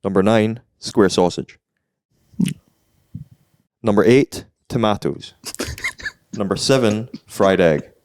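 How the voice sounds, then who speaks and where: A man's voice: fairly low pitch, takes it slowly, pauses often, dry recording. A man co-hosting a podcast in a dry, understated way. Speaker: podcast co-host. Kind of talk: casual podcast banter.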